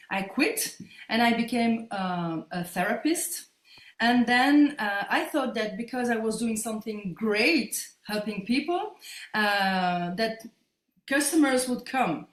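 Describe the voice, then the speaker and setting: A woman in her fifties, a native French speaker with a French accent, telling her story as an interview guest in halting English while she searches for words. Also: a little high. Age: 50s. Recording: roomy echo.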